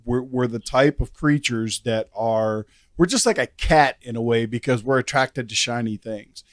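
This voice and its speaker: Relaxed male podcast host, dry sound. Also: medium pitch, normal speed, dry recording. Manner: relaxed, frequent affirming murmurs. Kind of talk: casual podcast conversation.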